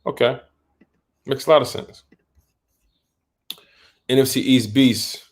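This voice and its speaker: A man's voice: mid-range voice, fairly even intonation, slow. Guy hosting a sports fan livestream, rambly and repeats himself a lot, kinda sleepy, says man and bro every other line. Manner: rambling, repeats words and restarts, loose slang like "man" and "bro"; yawning and a bit sleepy. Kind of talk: casual livestream chat reading viewer comments.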